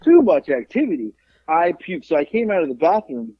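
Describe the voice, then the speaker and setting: A man hosting a podcast, telling a rowdy story in casual chat, profane and animated, acting out the people in it. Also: on the high side, fairly quick. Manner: profane, animated, acts out the people in his stories. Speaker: podcast host. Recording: dull lo-fi podcast audio.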